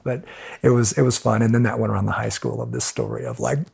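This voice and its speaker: A middle-aged American man and podcast guest telling lively stories in conversation, acting out the voices of the people in them. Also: medium pitch, a little fast, creaky, slightly rough. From United States. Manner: animated storyteller who acts out quoted voices. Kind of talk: storytelling in conversation.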